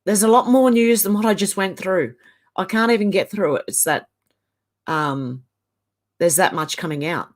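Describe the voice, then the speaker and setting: A woman's voice: mid-range voice, moderate pace. An Australian woman in her fifties, hosting a casual live stream and chatting as she reads viewer comments aloud.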